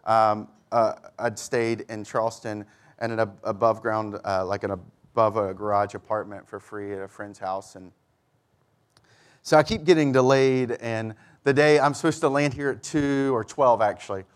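A man's voice: on the low side, moderate pace, clean tone. A middle-aged man preaching a sermon, telling a personal story and acting out both sides of each conversation. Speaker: pastor.

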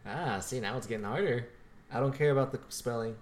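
A man's voice: mid-range voice, brisk. A man taking a turn hosting a casual quiz, easygoing, rambling and swearing offhand. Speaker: quiz host. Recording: echoey room, faint noise.

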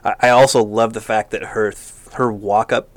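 A man with a lowish voice co-hosts a sports podcast, chiming in with short, dry remarks in casual chat. The sound is close and dead, with no room around it. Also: fairly even intonation, moderate pace, no echo. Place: small podcast studio.

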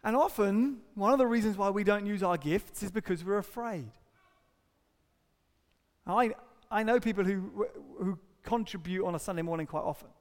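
Man, middle-aged, pastor, earnest animated sermon, high voice, reverberant hall. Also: moderate pace. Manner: earnest, animated storytelling with acted-out quotes.

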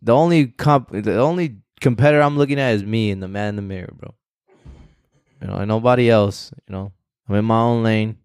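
A young man chatting casually as podcast co-host, slangy and animated, swearing freely. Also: lowish voice, fairly quick, clean tone, dry recording, studio quality. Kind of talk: casual chat.

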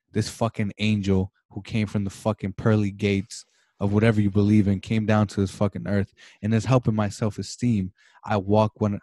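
Young dude cohost on a vid call, low flat voice, swears a ton, goes on dramatic rants. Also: male voice, no echo, studio quality. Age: young adult. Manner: dramatic mock-passionate rants, heavy swearing. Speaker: podcast co-host. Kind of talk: casual chat over video call. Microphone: video call.

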